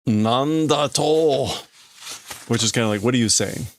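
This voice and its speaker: A man hosting a livestream, working slowly through a manga translation out loud, halting and stopping often to explain words. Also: fairly low pitch, fairly even intonation, a little hiss or hum. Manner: slow, halting, stops to explain words and reads lines in a raised voice. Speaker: livestream host. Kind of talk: casual live translation of a manga.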